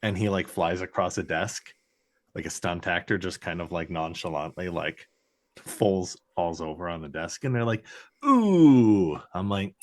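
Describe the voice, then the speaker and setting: Speaking in a low voice at a moderate clip, a male podcast co-host chats through a TV episode recap. He wanders off track, cusses, says "like" constantly, and imitates the characters in mock voices.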